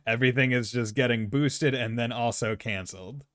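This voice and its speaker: A man's voice: medium pitch, lively intonation, takes it slowly. Joking young man streaming a game. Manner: joking, rambling, laughs often. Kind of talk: casual gameplay commentary.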